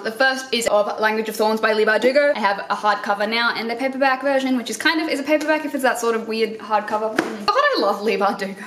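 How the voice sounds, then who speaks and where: A young Australian woman in her twenties gushes through a casual unboxing, swearing freely when excited. Her voice sits a little high and rings in a roomy indoor space. A faint hiss of background noise runs under her. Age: 20s. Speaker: book vlogger. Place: indoor room under lights.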